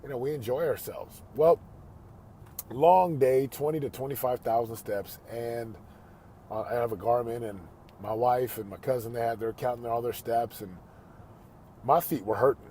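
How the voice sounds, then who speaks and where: Male podcast host, middle-pitched, earnest storyteller who turns coach-like and preachy, slight background noise. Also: steady tone, moderate pace, mellow. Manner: earnest, conversational, preachy pep-talk delivery. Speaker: father.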